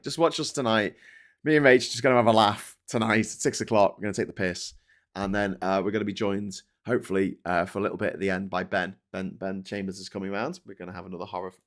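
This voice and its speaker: A middle-aged man with a somewhat low voice hosts his own political news show. He rants in a casual, blunt and sarcastic way, swears freely, and trips over restarts and fillers as he goes. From Britain. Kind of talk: casual ranting commentary.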